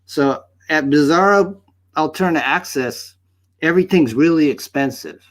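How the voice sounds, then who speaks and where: A goofy mustached bizarro host, put on by a man who rambles cheerfully in an invented accent. The voice sits a little higher than usual. It is a chatty, hammy livestream persona. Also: a little slow, close to an everyday voice. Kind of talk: hosting an open-mic livestream. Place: home studio set.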